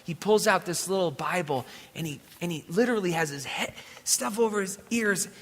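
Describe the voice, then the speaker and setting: A man giving a sermon as an emotional, rambling storyteller, swinging from loud bursts to hushed passages, on a stage mic at a live event. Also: sits high, lively intonation, moderate pace. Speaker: worship leader giving a message. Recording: live hall with long reverb.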